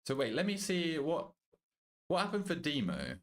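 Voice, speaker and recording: A young British man streaming a game, chatting casually with his viewers, joking, swearing and thinking out loud. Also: fairly high pitch, huge pitch swings, moderate pace. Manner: banters with chat, swears casually, thinks aloud. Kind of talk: casual live-stream chat.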